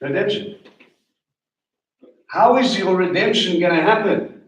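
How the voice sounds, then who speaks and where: A man teaching a congregation at a Passover meal. He talks in an animated way, asks many questions and slows down to stress key words. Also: high-pitched. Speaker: teacher leading a Passover Seder. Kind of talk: sermon-style teaching. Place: congregation hall. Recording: echoey room, voice from a distance.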